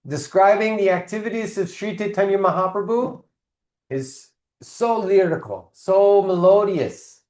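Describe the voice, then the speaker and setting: A man's voice: high-pitched, a little mellow, reverberant. A man hosting a devotional video call, inviting questions and speaking with enthusiastic, emphatic praise.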